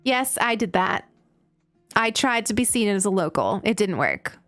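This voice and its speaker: Lively, giggly young American woman streamer. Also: medium pitch, normal speed, dry recording, soft background music. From United States. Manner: chatty, giggly, animated storytelling. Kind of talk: casual chat while gaming, reading chat.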